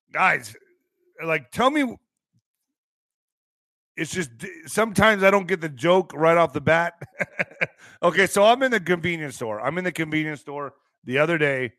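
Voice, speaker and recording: Rambling man with a bright edge. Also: on the high side, dry recording. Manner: rambling, storytelling, bursts of shouting. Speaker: online show host. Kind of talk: casual live-stream monologue.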